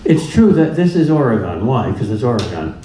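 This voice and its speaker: A man's voice: medium pitch, sing-song, a little fast, dark tone, a little hiss or hum. A man giving a public lecture in a plainspoken, humorous way, driving points home through repetition. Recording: echoey room with faint ambience.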